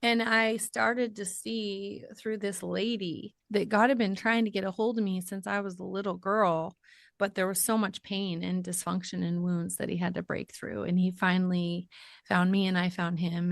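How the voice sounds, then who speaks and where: A middle-aged woman, a podcast guest, telling her personal story in an animated way and acting out the voices in her quotes. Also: fairly low pitch, normal speed, creaky, dry recording, clean studio sound. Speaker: podcast guest, author and ministry founder.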